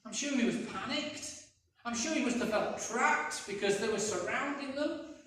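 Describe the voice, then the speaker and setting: A man's voice: very high-pitched, animated, normal speed, a bit bright. A man preaching a sermon as pastor, telling a story in a conversational way and acting out voices. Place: church, indoors. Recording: echoey church from a distance.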